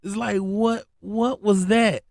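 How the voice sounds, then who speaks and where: Slow and creaky, a middle-aged man's voice comes through dry with clean studio sound. As a podcast host he spins funny stories in loose slang, his delivery lively and his voice climbing on the asides and punchlines.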